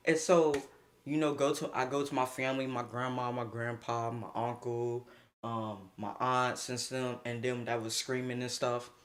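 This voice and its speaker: A young man streaming a casual storytime, slangy and animated, laughing often as he talks. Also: mid-range voice, moderate pace.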